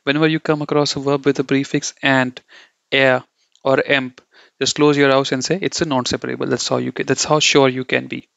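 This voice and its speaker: A man's voice: mid-range voice, flat delivery, a little fast, gravelly, fairly bright tone, no echo. A man teaching German from slides in a casual, rambling way, repeating himself and checking in with "okay?" and "you know". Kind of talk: casual slide-based lesson. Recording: dry, dull lo-fi sound.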